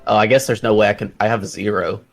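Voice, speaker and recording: A man's voice: on the low side, steady tone, fast, vocal fry, faint music behind. A man playing a tabletop game, asking curious, probing questions in and out of character. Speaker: player.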